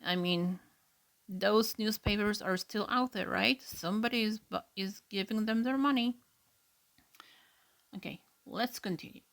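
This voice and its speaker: A woman hosting a solo reaction podcast, talking in an earnest, chatty way with fillers and soft asides. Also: medium pitch, unhurried, gravelly, pauses often. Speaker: podcast host.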